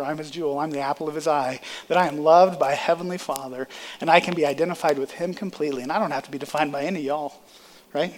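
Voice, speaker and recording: A man preaching a sermon, calling out to his congregation with rising emphasis. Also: a little high. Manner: preaching with rising emphasis and audience call-and-response.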